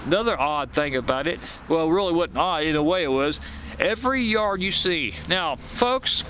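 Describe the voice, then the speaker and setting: A man's voice: on the high side, lively intonation, moderate pace, sharp tone, slight background noise. A man in his fifties from southwest Ohio, casually telling a childhood memory, rambling with many restarts and repeated words. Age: 50s. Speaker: channel host recalling a storm. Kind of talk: casual spoken memoir.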